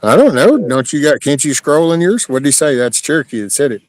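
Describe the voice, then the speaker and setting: A man's voice: fairly high pitch, very animated, brisk. A male livestream host chatting casually, reading chat comments aloud and teasing his guest.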